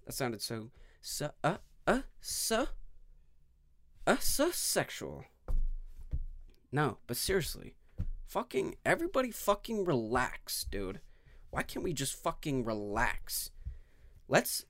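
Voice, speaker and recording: A young man hosting a casual solo podcast, rambling and swearing, swinging from low mumbles to loud outbursts. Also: wildly swooping pitch, takes it slowly, long pauses, no echo, studio quality. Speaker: podcast host.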